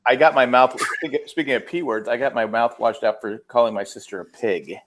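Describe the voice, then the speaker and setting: A man's voice: mid-range voice, brisk. A man co-hosting a casual podcast, joking and telling boyhood stories. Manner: joking, lively banter. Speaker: podcast co-host. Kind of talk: casual chat.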